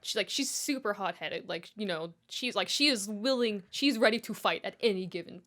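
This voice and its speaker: A woman's voice: mid-range voice, lively intonation, normal speed, a bit bright. Chatty young woman with many fillers. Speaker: podcast co-host. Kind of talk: casual chat retelling a book.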